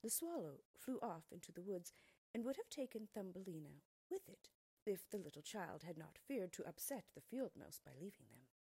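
A woman reads a fairy tale aloud in a husky, mellow voice, often sinking into a soft near-whisper. Her pitch swings widely and expressively. The recording is close and dry. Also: very animated, normal speed, no echo. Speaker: storyteller.

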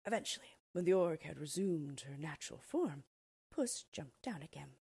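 A woman reading a fairy tale aloud in an expressive storybook style. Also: low-pitched, moderate pace, gravelly, husky, dry recording.

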